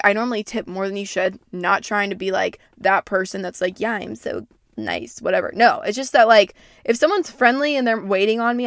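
A young woman hosts a podcast and rambles through a story in casual, animated talk. She swears freely, leans on "like," and owns being dramatic. Her voice sits at a middling pitch, recorded dry and close with no room sound. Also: no echo. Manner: self-described dramatic. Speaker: podcast host.

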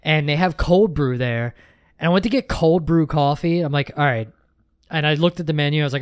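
A young man co-hosting a podcast, telling a story with plenty of swearing and self-mockery. His voice sits fairly high and sounds smooth and clear. The sound is close and dry. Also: moderate pace, no echo. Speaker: podcast co-host. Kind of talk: casual chat.

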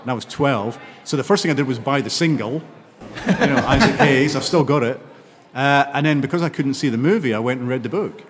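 An older man from Scotland with a Scottish accent, a novelist guest telling stories in an animated way, laughing often. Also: mid-range voice, fairly quick, big-room sound. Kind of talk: interview conversation.

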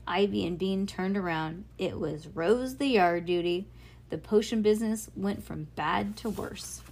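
A woman's voice: mid-range voice, unhurried, darkish tone, a little hiss or hum. A woman reading a children's book aloud in an informal way, stopping now and then to correct her own misreadings. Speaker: reader.

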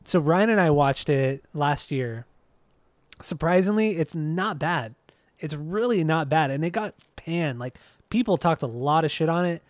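Brief: easygoing male podcast co-host, laid-back and rambling, fairly high voice, dry close mic. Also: measured pace, no room sound. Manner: relaxed, rambling, many restarts, laughs often. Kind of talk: casual chat.

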